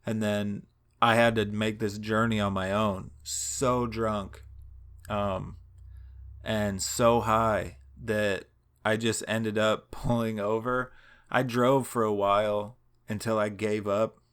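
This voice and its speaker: A man's voice: lowish voice, flat delivery, takes it slowly, a bit bright, clean tone. A man telling a long story in a casual, rambling and profane way, laughing now and then.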